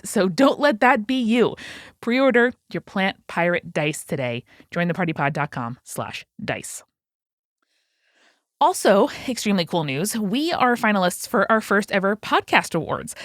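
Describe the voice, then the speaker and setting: A woman hosting a podcast, reading sponsor news and announcements in an excited, slightly breathless way. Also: mid-range voice, no room sound, clean studio sound. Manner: excited, fast, a little out of breath. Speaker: podcast host. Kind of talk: upbeat sponsor and announcements read.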